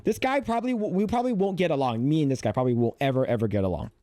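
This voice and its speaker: A man's voice: on the high side, animated, rapid-fire, mellow, no room sound. A man reacting to a video on a livestream, exasperated and profane, often repeating himself. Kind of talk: casual reaction commentary.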